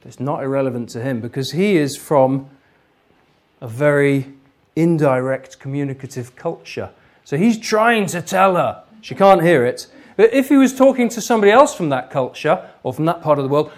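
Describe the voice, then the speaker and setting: Lively male workshop lecturer. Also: on the high side, normal speed. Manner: lively, explanatory, laughs easily. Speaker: lecturer, trainer.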